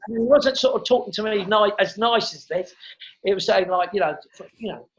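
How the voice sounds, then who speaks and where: A middle-aged man, a comedian, telling stories in a casual interview, animated and quick to repeat words and act out what others said. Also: high-pitched. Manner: animated storyteller who acts out quotes and repeats words. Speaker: comedian guest. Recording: dull lo-fi sound.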